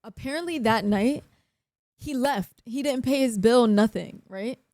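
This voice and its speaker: A young woman, telling a story on a live stream in a casual, animated, profane way and acting out other people's lines. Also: a little high, measured pace, no echo, clean studio sound.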